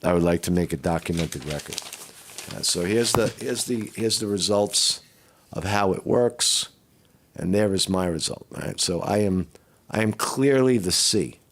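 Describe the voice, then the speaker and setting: A man who is sick with the flu, with a rough throat, rambling and swearing in a casual live-stream monologue and often asking "right?". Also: low-pitched, unhurried, a little hiss or hum. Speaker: vlogger.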